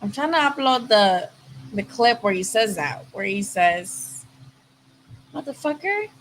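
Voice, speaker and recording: A woman in her twenties hosting a casual boxing livestream, animated and swearing freely as she thinks aloud. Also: mid-range voice, unhurried, a little hiss or hum, poor audio. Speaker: boxing show host.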